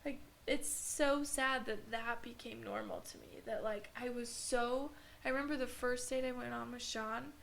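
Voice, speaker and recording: A woman with a fairly high voice talks as a podcast guest. She tells her story earnestly, leaning on "like" as she goes. A faint hiss sits under her voice. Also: fairly even intonation, normal speed, creaky, few pauses, fairly bright tone. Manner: earnest, filler-heavy storytelling with frequent "like". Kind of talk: casual podcast conversation.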